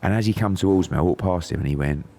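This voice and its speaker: A man's voice: sits low, racing, dark tone. A middle-aged man from England, a podcast guest telling a story in casual chat and acting out quotes in raised voices.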